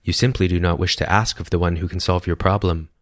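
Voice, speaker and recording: A man voicing a calm, soft-spoken fish-like humanoid with a silvery voice. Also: low voice, fast talker, no room sound, clean studio sound, natural voice.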